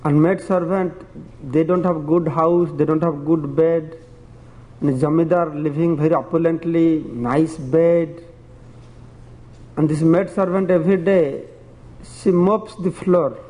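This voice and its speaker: A man's voice: fairly high pitch, fairly even intonation, measured pace, mellow, in a large hall, rough recording. A man preaching a devotional sermon and telling parables in simple, broken phrasing, chuckling at his own stories.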